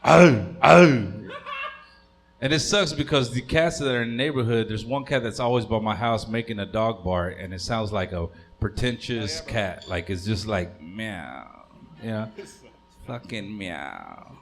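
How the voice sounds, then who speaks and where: A man's voice: lowish voice, normal speed, few pauses, music in the background. A man in his thirties doing a stand-up comedy set, rambling and crude, stopping on fillers. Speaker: stand-up comic.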